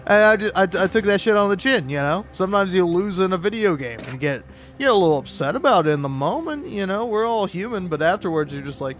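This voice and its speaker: A man's voice: sits high, lively intonation, moderate pace, a bit bright, soft background music. A young man streaming a video game, rambling casually with lots of swearing and filler words. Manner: rambling, profane, laughing asides. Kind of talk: casual gameplay commentary.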